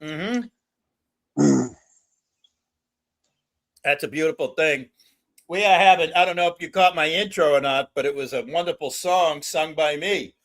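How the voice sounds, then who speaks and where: Bright-voiced older man telling rambling stories. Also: fairly high pitch, measured pace, pauses often. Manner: rambling storyteller, laughs at own jokes. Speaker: stream host. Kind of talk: casual chat.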